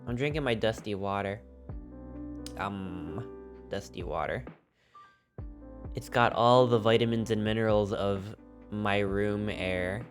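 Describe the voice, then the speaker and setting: Sleepy, rambling man over loud music. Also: fairly low pitch, fairly even intonation, measured pace. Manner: rambling, goofy, chats with viewers. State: sleepy and a little sniffly. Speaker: game streamer. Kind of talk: casual live-stream chat. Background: background music.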